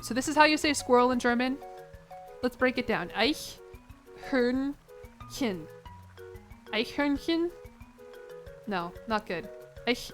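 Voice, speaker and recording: A woman's voice: on the high side, fairly bright tone. A young woman streaming a game, rambling and giggling as she chats with her viewers. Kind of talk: casual chat to a live chat.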